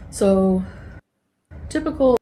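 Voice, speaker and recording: A woman's voice: medium pitch, dark tone. A woman in a food vlog casually describing her meal and her breakfasts. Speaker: food vlogger. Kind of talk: casual chat.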